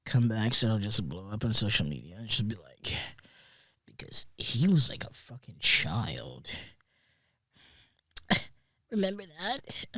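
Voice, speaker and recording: With a medium-pitched voice and no echo, a young podcast host talks alone in a studio. He rambles casually, swearing a lot and tossing in sarcastic remarks.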